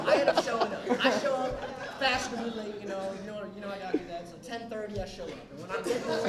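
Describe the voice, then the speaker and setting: A man's voice: sits high, quick pace, few pauses, far from the mic, very noisy. A young man doing a stand-up comedy set in a club, telling a rambling story with restarts and asides. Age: young adult. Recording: echoey club with laughing crowd. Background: audience laughter.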